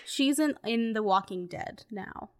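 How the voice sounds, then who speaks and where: A woman's voice: mid-range voice, animated, unhurried, a little mellow. A woman co-hosting a podcast in casual chat, talking in a chatty way, laughing often and saying "like" a lot. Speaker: podcast co-host.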